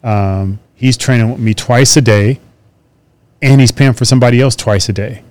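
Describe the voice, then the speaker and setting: A man's voice: mid-range voice, moderate pace. A man and retired officer in casual conversation, telling stories and acting out dialogue with laughs. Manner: animated storyteller who acts out dialogue with laughs. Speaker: retired officer and trainer reminiscing.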